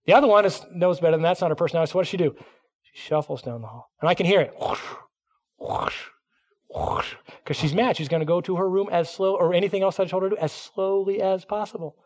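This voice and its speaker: A middle-aged man preaching a sermon, animated, acting out quoted voices as he teaches. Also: on the high side. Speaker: pastor.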